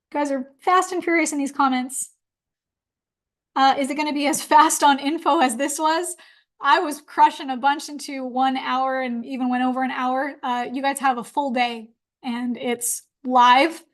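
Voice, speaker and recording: High-pitched woman running a live webinar q&a, chatty and upbeat. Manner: chatty, upbeat, quotes clients in voices. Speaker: webinar host.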